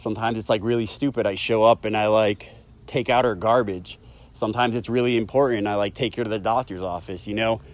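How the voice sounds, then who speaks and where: A man's voice: lowish voice, fairly even intonation, a little fast. A man in his thirties giving a candid, emotional personal share at a recovery meeting, swearing often as he speaks. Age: 30s. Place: meeting room.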